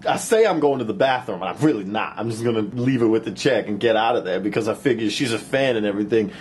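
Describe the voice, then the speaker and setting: A man giving a casual software tutorial at his computer. He talks in a profane, rambling way and keeps asking "right?". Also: medium pitch, slight background noise. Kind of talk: casual screen-recorded tutorial with rambling story.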